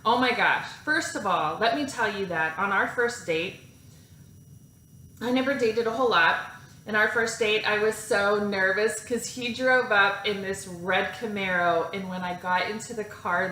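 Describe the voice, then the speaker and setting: A woman, in her thirties, casually telling a personal story to her viewers, animated and self-mocking, laughing often. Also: mid-range voice, a little hiss or hum. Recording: echoey room with faint ambience.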